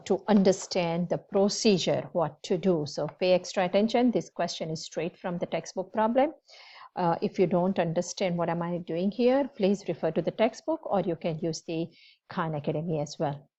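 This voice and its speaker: Mellow-voiced woman teaching calculus step by step. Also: lowish voice. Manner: repeats key points, explains step by step. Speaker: math teacher. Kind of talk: classroom lecture. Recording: slightly dull lo-fi recording.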